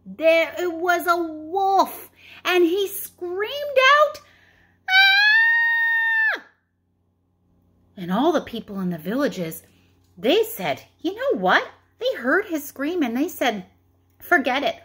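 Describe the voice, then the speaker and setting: A woman in her thirties reading a children's story aloud in an expressive, chatty way. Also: very high-pitched, slow, noisy background.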